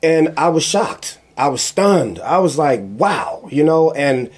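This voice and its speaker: A man giving casual commentary, telling a personal story in an animated, emphatic way that repeats phrases for emphasis. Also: on the high side, unhurried, breathy edge. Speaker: commentary vlogger.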